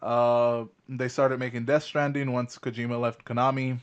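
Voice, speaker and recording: A man's voice: medium pitch, level tone, normal speed, clear, resonant tone, highs cut off. A man co-hosting a casual podcast with a mid-range voice. He rambles through his theories, full of "like" and "you know", hedging as he goes. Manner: rambling, speculative, frequent filler backchannels. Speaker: podcast co-host. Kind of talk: casual chat.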